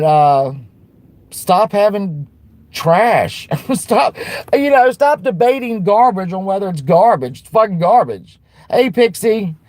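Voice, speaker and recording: A woman hosting a livestream, ranting bluntly with lots of swearing and restarts while answering her chat, then turning soft to apologize. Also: fairly low pitch, no echo. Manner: blunt and profane, with frequent restarts; fired-up and defiant, turning soft when apologizing. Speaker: livestream host.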